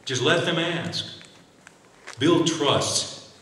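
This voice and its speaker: A man's voice: fairly high pitch, very slow, sharp tone, recorded from a distance, slight background noise. Echoey man lecturing in a hall. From United States. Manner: earnest, exhortative, with acted doctor-patient examples. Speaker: physician giving a talk. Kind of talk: lecture to medical students.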